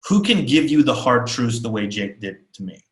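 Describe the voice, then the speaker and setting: A man from Texas giving a storytelling talk as keynote speaker, animated and acting out the people he quotes. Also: medium pitch, moderate pace, echoey room, rough recording. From Texas, USA. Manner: animated, acts out quotes of others.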